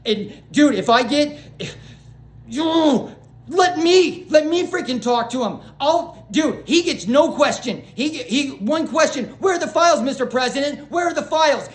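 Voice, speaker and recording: A woman vlogger ranting to camera in a rambling, agitated way, restarting sentences, swearing and apologizing to her viewers. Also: high voice. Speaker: small-channel vlogger. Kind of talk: unscripted rant to camera. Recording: roomy echo.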